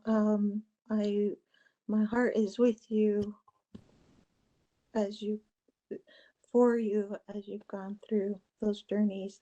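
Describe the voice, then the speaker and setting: A woman who works as a hospice social worker, speaking gently on a video panel. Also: medium pitch, lo-fi sound. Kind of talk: panel discussion.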